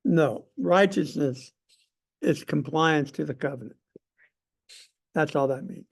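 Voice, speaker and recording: A man's voice: a little high, slow pace, creaky, breathy edge. A man leading a Sunday school class, talking in an emphatic, conversational way and putting questions to the group. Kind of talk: church class lesson.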